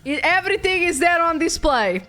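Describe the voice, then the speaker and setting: A woman's voice: extremely high pitch, lively intonation, a little fast, sharp tone, faint music behind. A young woman streamer chatting casually about a game, talking loosely and laughing often. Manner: chatty, frequent fillers and restarts, laughs often.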